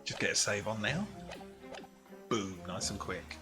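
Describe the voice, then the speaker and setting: A man casually commentating a game he plays, wry and quick to swear, over game music. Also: fairly low pitch, lively intonation. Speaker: gaming channel host. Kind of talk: let's play commentary. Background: video game music.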